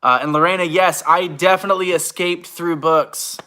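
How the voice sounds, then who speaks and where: A man's voice: high voice, steady tone, moderate pace, sharp tone. A young man, an actor and YouTuber, casually chatting on a livestream, reading out comments and thanking viewers, laughing often in a rambling, self-deprecating way. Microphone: phone.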